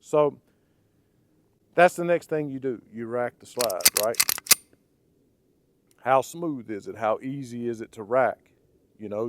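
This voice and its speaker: A man with a raspy, hoarse voice from blocked sinuses gives a casual hands-on product review. He talks conversationally and ends his points with "okay?" and "right?". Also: mid-range voice, background noise. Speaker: firearms reviewer.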